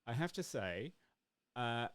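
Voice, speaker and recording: Chatty man, lively pitch. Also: slow, clean tone, dry recording. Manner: rambling, laughs often, restarts words. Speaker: podcast co-host. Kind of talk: casual chat.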